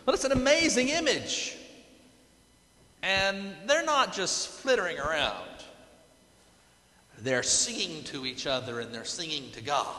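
Lively high-voiced preacher in an echoing hall. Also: male voice, slow pace. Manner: dramatic storytelling with playful asides. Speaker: pastor. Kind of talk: sermon. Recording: echoey hall with long reverb.

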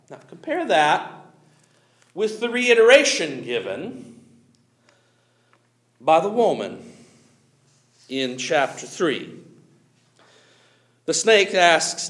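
A male preacher delivering a sermon with a high, lively voice that swoops up and down. He talks slowly, leaning on pauses and breaking into chuckles, and the sound rings in an echoey room. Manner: animated, with chuckles and drawn-out emphatic pauses.

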